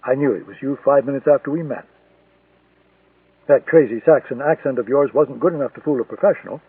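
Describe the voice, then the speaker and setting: A man's voice: mid-range voice, a little fast, slightly rough, no room sound. A man reading an audiobook voices a brutal male East German secret police handler interrogating harshly. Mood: cold accusing. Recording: tinny, distant, dry lo-fi recording.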